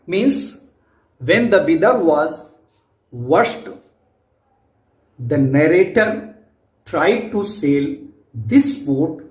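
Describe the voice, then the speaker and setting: Indian guy teaching english class, slow and patient, echoey room. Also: on the high side. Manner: slow, repetitive explaining, addresses students directly. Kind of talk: classroom lecture explaining a text. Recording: roomy echo.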